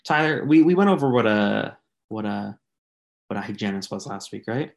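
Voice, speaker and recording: A man co-hosting a casual podcast, joking and teasing, sometimes dropping into a hushed mock-sensual voice. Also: lowish voice, animated, normal speed, gravelly. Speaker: podcast co-host.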